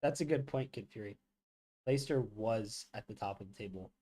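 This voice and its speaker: A man's voice: lowish voice, a little fast, slightly rough. A man hosting a live football watchalong, chatting casually with viewers and reacting to the match with lots of slang. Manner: chatty, reacts loudly to goals, talks to chat with slang. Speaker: livestream watchalong host.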